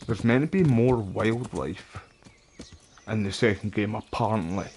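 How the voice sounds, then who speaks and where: Young Scottish male streamer, low-ish register, casual and talkative with his viewers. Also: unhurried, darkish tone, a little hiss or hum. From Scotland. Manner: chatty, addresses viewers as mate and pal. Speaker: game streamer. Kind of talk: casual live-stream chat while playing.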